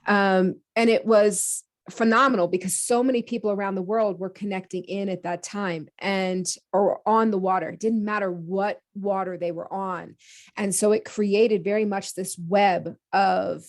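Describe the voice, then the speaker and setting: A woman on a podcast telling a personal story in a lively, casual way, acting out her own thoughts with quick asides and easy laughs. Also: mid-range voice. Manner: many fillers and restarts, laughs easily. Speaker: podcast guest.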